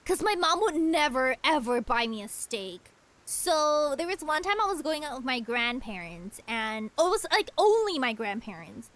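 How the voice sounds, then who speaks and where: A woman's voice: high-pitched, very animated, moderate pace, a bit bright. A young woman streaming a game, chatting casually and rambling through childhood stories with many restarts. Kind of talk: casual chat while gaming.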